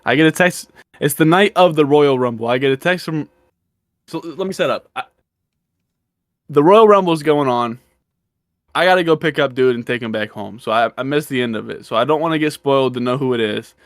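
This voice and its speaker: A man's voice: mid-range voice, a little fast, no room sound. Laid-back man on a dry mic. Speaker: podcast co-host. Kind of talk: casual sports podcast chat.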